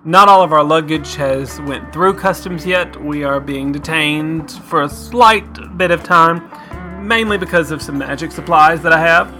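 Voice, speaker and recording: Guy co-hosting a goofy comedy show, slightly high voice, jokey and laughing, music under it. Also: unhurried, bright, forceful tone. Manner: playful, joking, laughs often. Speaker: podcast co-host. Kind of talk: comedic banter.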